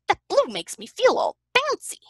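Bouncy, exuberant storybook tiger, high and lively, read by a woman. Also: moderate pace, dry recording, clean studio sound, exaggerated voice. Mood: excited. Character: bouncy excitable male tiger.

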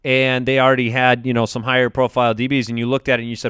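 A man's voice: mid-range voice, flat delivery, fast talker, hardly any pauses, a bit bright, smooth, no room sound, clean studio sound. A man co-hosting a sports podcast, reading out listener questions in casual chat with a wry manner.

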